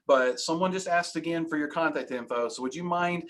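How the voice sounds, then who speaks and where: A man's voice: on the high side, brisk, fairly bright tone, slight background noise. A man hosting a live training webinar, coaching with energy and emphasis and acting out sales lines.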